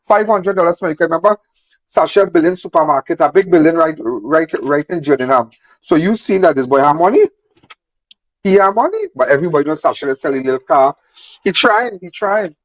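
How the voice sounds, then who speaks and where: A man's voice: a little high, animated, brisk, no room sound. A man speaking emphatically, repeating phrases and firing off rhetorical questions. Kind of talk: impassioned on-camera talk.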